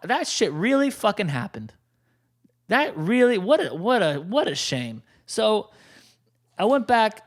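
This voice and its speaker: A man hosting a podcast, telling a story in a loose, animated way, swinging between loud outbursts and low mutters and acting out what others said. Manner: acts out quoted lines in quick changes of voice. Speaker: podcast host. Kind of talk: casual storytelling monologue.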